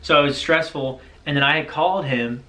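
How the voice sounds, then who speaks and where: A young man, co-hosting a casual chat and telling a story with animated quoted voices. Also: fairly high pitch, a little fast. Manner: animated storyteller, puts on voices when quoting. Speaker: co-host.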